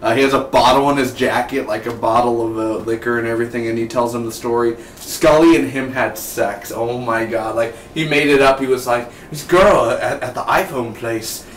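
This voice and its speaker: A man giving a casual spoken TV episode review, rambling and excitable and drifting into tangents. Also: medium pitch, brisk, hardly any pauses. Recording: roomy, distant mic, faint background noise.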